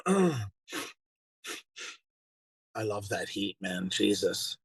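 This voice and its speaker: Man guest, husky and dry, easygoing, quick throwaway remarks. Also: fairly low pitch, very animated, no echo. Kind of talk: casual chat.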